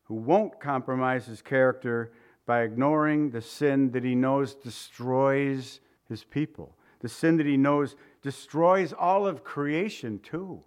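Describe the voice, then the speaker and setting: A man's voice: medium pitch, slow pace, clear, resonant tone. A man preaching a sermon, telling stories with chuckles and acting out the voices of the people in them. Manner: animated storytelling with chuckles and acted-out voices.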